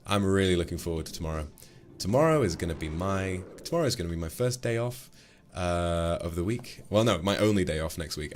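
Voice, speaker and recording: Playful man, low voice. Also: animated, fairly quick. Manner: playful, flirty, teasing. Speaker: streamer. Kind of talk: casual livestream chat, thanking donors.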